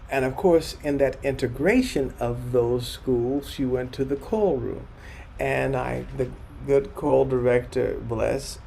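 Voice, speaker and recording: A man's voice: mid-range voice, vocal fry, mellow, a little hiss or hum. An older man, a choral conductor, telling stories from his life in a reflective way, often restarting his sentences and acting out the people he quotes. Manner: reflective, frequent restarts, acts out quoted voices. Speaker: choral conductor speaking at a forum. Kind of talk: anecdotal storytelling talk.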